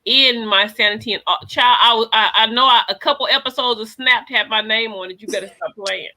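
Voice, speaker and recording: A woman's voice: fairly high pitch, brisk, pushed and bright. An older woman co-hosting a casual online talk show, joking and reading viewer comments aloud. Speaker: podcast co-host. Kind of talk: casual chat.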